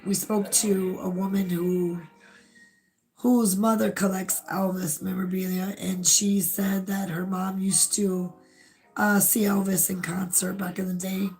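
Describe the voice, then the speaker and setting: Woman, hoarse, gravelly voice, rambling filler-heavy stream chat, faint music. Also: medium pitch, darkish tone, low-quality recording. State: hoarse, losing her voice. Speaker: host. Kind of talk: casual livestream chat.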